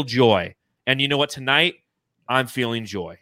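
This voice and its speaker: A young adult man hosting a casual podcast livestream, excitedly thanking donors and swearing freely. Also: mid-range voice, unhurried, no echo, studio quality. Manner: excited, swearing, reads donations aloud. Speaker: podcast host.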